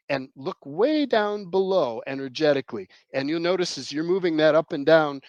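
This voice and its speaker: Fast, emphatic man, dry close sound. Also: fairly high pitch, no room sound, dull audio. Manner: rambling, emphatic, with many restarts. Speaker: podcast guest. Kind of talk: conversational explanation.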